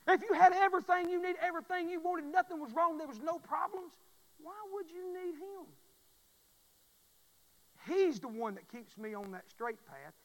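A man preaching a fervent sermon in a church, repeating his phrases and swelling into loud pleas. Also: very high voice, big-room sound, low-quality recording. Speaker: pastor.

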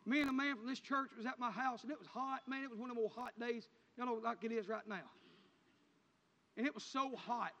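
High-voiced preacher in a reverberant hall. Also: male voice, a little fast. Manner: rising into loud fervent preaching with Southern country speech. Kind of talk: sermon. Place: church sanctuary. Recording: hall reverb, dull lo-fi sound.

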